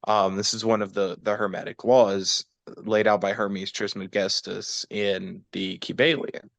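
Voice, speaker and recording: A man co-hosting a casual podcast, explaining occult concepts in a measured, lecturing way. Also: lowish voice, little pitch movement, gravelly, fairly bright tone, no room sound. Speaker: podcast co-host, chaos magic practitioner.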